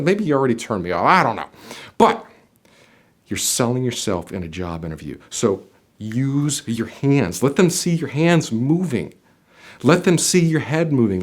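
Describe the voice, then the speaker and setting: A man coaching viewers on job interviews, talking straight to the camera, swinging his voice up and down and dropping soft for emphasis. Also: medium pitch. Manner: animated, varies loudness and softness for demonstration. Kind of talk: instructional video talk to camera. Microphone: on camera, speaking to viewer.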